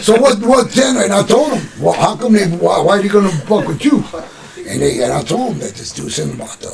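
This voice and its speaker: A man's voice: fairly high pitch, vocal fry. A man casually telling a street story from his youth, swearing freely and acting out what others said. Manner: profane, animated street storyteller acting out quotes.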